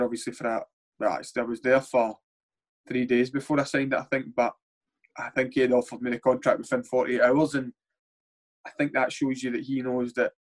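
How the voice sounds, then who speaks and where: A young Scottish man, a footballer, telling stories in casual chat, animated and swearing freely as he acts out what others said. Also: mid-range voice. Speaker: footballer guest. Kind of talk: casual storytelling.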